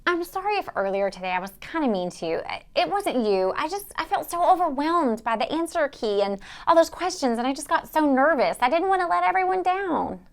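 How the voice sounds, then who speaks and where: A woman playing an enthusiastic young quiz-show host who talks excitedly to the kids watching. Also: high-pitched, measured pace, heavily acted. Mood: apologetic. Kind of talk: amateur stage skit.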